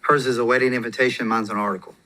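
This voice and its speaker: A man's voice: mid-range voice, steady tone, very fast, pushed and bright. A man telling personal stories as a podcast guest in a casual, rambling way, with fillers and restarts. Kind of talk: casual storytelling.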